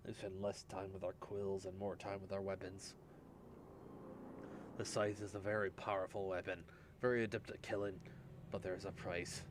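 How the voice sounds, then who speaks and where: A man doing a hushed Irish monk. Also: lowish voice, close to an everyday voice. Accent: put-on Irish. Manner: hushed, grave reading. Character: fearful young male monk writing a journal. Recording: background noise.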